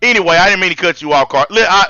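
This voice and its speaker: A man's voice: high voice, rapid-fire, bright, forceful tone, clear, resonant tone, no echo, dull audio. A man in his forties with a Southern US accent, hosting a live-stream debate and ranting bluntly with heavy profanity. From American South. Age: 40s. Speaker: channel host.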